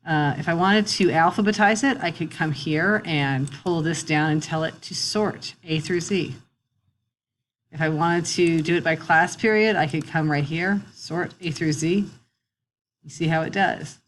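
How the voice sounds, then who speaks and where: Middle-aged woman teacher, low voice, relaxed tutorial delivery on a computer mic, slight background hum. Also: unhurried. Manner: relaxed, chatty, wry asides. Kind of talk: screen-recorded tutorial.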